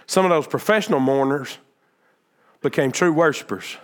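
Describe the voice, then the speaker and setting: High-voiced emphatic male preacher. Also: normal speed. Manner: earnest, emphatic preaching with repeated phrases and restarts. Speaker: pastor. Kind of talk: sermon.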